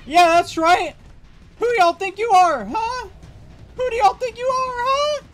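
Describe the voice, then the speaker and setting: A man's voice: unhurried, a little hiss or hum. A man doing a cocky trash-talking alien. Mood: taunting. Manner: boastful, taunting, high and loud. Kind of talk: in-game trash talk.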